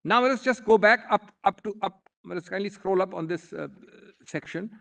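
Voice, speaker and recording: With a high, slightly bright voice and some vocal fry, a man speaks at a moderate pace. He is a senior advocate with an Indian English accent, making a formal, emphatic courtroom argument before a bench and often addressing the judges as "my lords."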